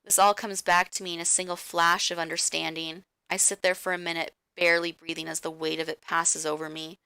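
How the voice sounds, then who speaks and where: Woman reading a visual novel slowly. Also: on the low side, little pitch movement, sharp tone, smooth, no room sound. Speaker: game streamer.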